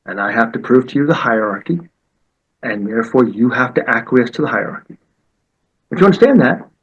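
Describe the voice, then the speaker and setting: A martial arts teacher telling stories in conversation, acting out the quoted voices with lively energy. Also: male voice, mid-range voice, breathy edge, muffled recording. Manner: animated, acts out quoted voices. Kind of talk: storytelling in conversation.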